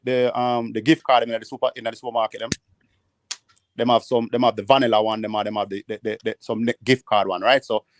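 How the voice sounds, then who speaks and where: Fast-talking Jamaican man telling stories. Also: medium pitch, no echo, studio quality. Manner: animated, rambling anecdotes in patois. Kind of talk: casual storytelling. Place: living in the United States.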